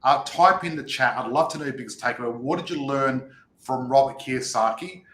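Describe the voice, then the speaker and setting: A man's voice: mid-range voice, fairly quick, a bit bright. A man hosting a live stream, talking upbeat and directly to his viewers. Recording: echoey live stream audio.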